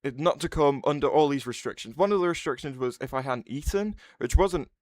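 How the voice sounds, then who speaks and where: A man's voice: fairly high pitch, lively intonation, a little fast, no room sound. A man hosting a casual livestream, rambling, restarting his sentences and answering chat messages aloud.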